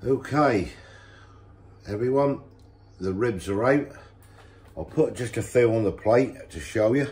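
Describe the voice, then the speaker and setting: A man presenting a casual home cooking video, relaxed and enthusiastic about the food. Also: mid-range voice, slow, long pauses.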